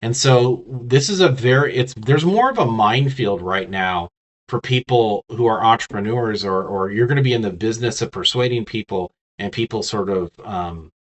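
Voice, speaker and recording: A man's voice: lowish voice, moderate pace. A man teaching business communication in a casual lecture, talking straight to the listener with frequent restarts and fillers. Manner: conversational, many restarts and fillers, talks to the listener directly. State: has the hiccups.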